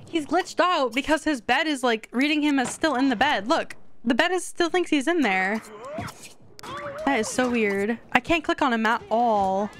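Young female streamer, casual and excitable, talking to chat over faint background music. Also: sits high, normal speed. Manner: chatty, excitable, talks to chat. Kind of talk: casual gameplay commentary.

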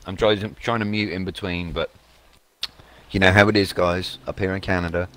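A man's voice: sits low, fairly even intonation, normal speed, a bit bright. A man, co-hosting a gameplay stream with dry, joking banter. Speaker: game co-host. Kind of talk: casual live-stream chat over gameplay.

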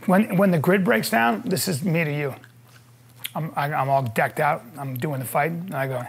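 A man's voice: on the high side, normal speed, creaky, noisy background. A man in his fifties bantering and teasing while painting, slipping into mock stand-up bits. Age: 50s. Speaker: comedian co-host.

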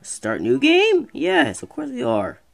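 A streamer giving casual let's-play commentary, excitable and rambling, talking back to the game. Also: high voice, takes it slowly, vocal fry. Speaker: gameplay streamer.

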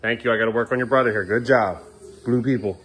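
A man's voice: mid-range voice, steady tone, quick pace, fairly bright tone. A man filming a casual family vlog at home, coaxing and joking with his children as he hurries them through bath time. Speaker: father filming his kids.

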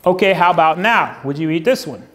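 A high-voiced man preaches a sermon in a folksy, joking way. He keeps turning to the congregation with questions and builds his points around props. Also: animated, fairly quick. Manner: folksy, humorous, asks the crowd questions. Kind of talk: sermon with object lessons. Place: church stage before a congregation.

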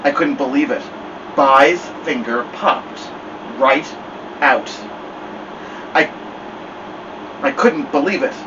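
A man reading a children's novel aloud with expressive storytelling. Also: medium pitch, slow, long pauses, distant mic, dull audio, noisy background. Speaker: storybook reader.

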